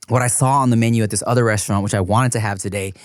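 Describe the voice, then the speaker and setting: A man's voice: fairly low pitch, fairly even intonation, rapid-fire, no room sound, clean studio sound. A man in his thirties co-hosting a podcast, talking in a laid-back, slangy way and laughing often. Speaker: podcast co-host. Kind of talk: casual chat.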